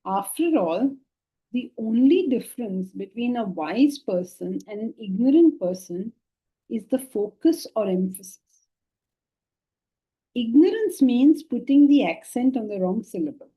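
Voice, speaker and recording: A middle-aged woman teaching spiritual philosophy to a class, lively and often questioning her listeners. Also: a little high, a little slow, husky, rough recording. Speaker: Vedanta teacher. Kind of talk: spiritual lecture.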